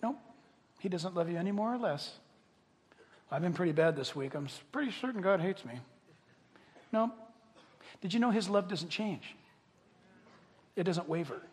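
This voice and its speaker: An older man delivers a sermon in a high, wildly swinging voice. He moves between near-whispered confession and loud, passionate cries, acting out the people he quotes for laughs. The hall around him rings with a long reverb. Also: lively intonation, normal speed, pauses often. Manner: swings from quiet intimacy to loud impassioned calls; acts out quoted voices, jokes with the crowd. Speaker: pastor.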